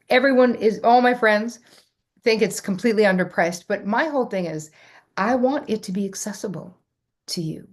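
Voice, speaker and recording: A middle-aged woman hosting a live workshop, reading out viewer comments and answering them with effusive enthusiasm. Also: medium pitch. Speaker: host.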